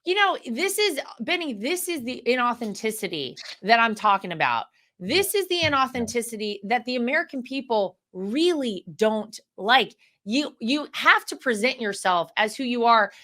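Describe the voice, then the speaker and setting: A woman's voice: fairly high pitch, big pitch swings, moderate pace, few pauses, pushed and bright. A woman from North Carolina speaking as a guest in a political interview, confident and emphatic.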